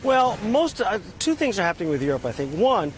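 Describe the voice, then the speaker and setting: A man with a somewhat high voice answers interview questions in an upbeat way, pausing on "uh" as he reels off figures. There is faint street noise behind him. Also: very animated. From United States. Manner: upbeat, talks in figures, frequent "uh" fillers. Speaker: export bank chairman, interview guest.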